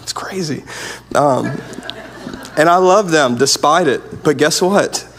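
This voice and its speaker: Gravelly-voiced man preaching earnestly. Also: a little high, slow, fairly bright tone, a little hiss or hum. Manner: earnest, conversational preaching with many restarts. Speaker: pastor. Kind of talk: sermon.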